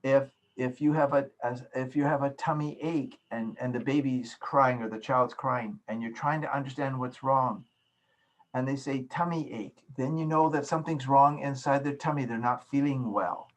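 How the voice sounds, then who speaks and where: This professor speaks at a moderate pace in a steady, mid-range voice while teaching an online lecture over a video call's computer mic. His explanations are patient and built on simple everyday examples.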